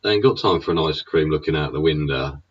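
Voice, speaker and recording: Extremely low in pitch and slightly rough, this fast-talking show host launches into a profane rant. He swears without letup and uses rhetorical tags like "innit" and "yeah," heard through a dull lo-fi recording.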